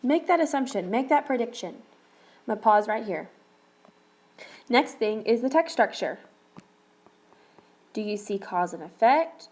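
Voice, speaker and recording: Woman teacher, recorded lesson, slightly high voice, coaxing step-by-step delivery. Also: animated, a little slow, long pauses, darkish tone, low-quality recording. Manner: encouraging, repeats okay, talks students through steps. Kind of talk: recorded reading lesson for students.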